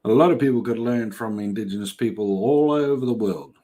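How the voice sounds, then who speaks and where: A man's voice: lowish voice, brisk, dark tone. Australian man yarning on a livestream. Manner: chatty, yarning storyteller. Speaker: livestream host. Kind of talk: casual livestream chat reading comments.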